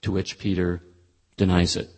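Low, husky-voiced man teaching scripture. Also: completely flat delivery, normal speed, a little mellow. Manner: thoughtful, conversational, with frequent restarts. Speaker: Bible teacher. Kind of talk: explaining a scripture passage.

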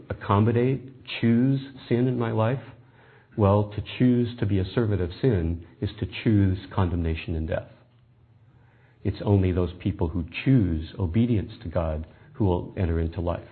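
A man with a low, husky voice lectures on scripture, reasoning aloud and methodically working through each verse. The sound is thin and tinny, as if it came over a phone line. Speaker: Bible teacher. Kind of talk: Bible study lecture.

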